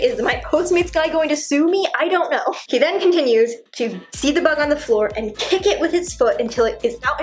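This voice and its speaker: Animated high-voiced woman telling a story. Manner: animated, heavy use of "like," dramatic retelling. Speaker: vlogger. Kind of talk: storytelling vlog. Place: home. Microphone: on-camera shotgun mic.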